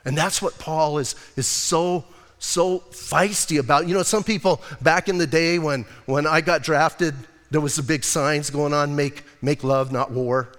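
A man's voice: on the high side, steady tone, measured pace, fairly bright tone. An older man, a pastor, preaching a sermon in a conversational way with rhetorical asides. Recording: long hall reverb.

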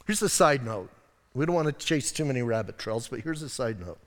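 A man's voice: mid-range voice, expressive, a little fast. A middle-aged man, a pastor, giving a casual, chatty sermon and talking to listeners directly. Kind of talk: conversational sermon. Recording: church hall reverb.

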